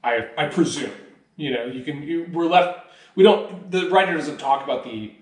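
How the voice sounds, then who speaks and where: A man's voice: on the high side, moderate pace. Pastor guy telling the story super casual, sounds a bit far off in a roomy space. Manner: casual storytelling, voices quoted lines animatedly. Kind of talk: conversational sermon. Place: church. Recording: roomy, picked up from a distance.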